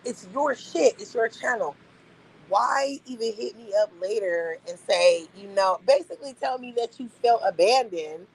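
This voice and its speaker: A woman's voice: a little high, expressive, normal speed, slight background noise, poor audio. A young adult woman streaming live, venting bluntly and incredulously to her chat, repeating her points for emphasis.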